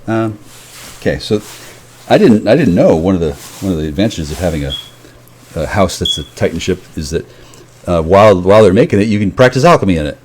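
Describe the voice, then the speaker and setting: A man's voice: fairly low pitch, darkish tone. A man rambling alone to the camera, swearing often, drifting between tangents and trailing off into mumbles. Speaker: vlogger. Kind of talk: rambling solo monologue.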